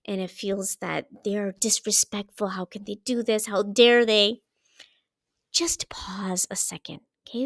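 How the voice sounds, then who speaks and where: A woman giving parenting advice as a coach, in a calm coaching delivery that keeps checking in with "okay?". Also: medium pitch, gravelly, dry recording, studio quality. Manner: checks in often with "okay?" and "right?". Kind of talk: explaining parenting advice to camera.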